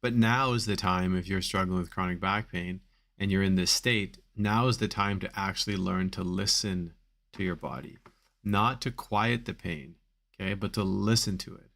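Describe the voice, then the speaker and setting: Deep-voiced casual man coaching live. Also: normal speed, creaky, fairly bright tone. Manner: casual, many fillers, repeats for emphasis. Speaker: back pain coach. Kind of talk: live Q&A stream.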